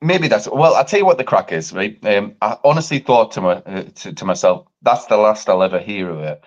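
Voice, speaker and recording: An animated man tells a story in casual chat, swearing freely and mimicking others with leaps in pitch. His voice swings widely from low to high. The stream audio is dull and lo-fi. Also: a little fast. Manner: animated, swearing, acts out quotes with big pitch jumps. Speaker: podcast host.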